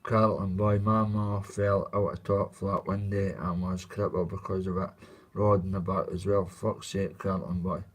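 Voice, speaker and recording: Low-voiced Scottish man, blunt and sweary. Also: flat delivery, a little slow. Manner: blunt, candid, sweary, heartfelt. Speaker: livestreamer reading chat. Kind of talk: casual live-stream chat.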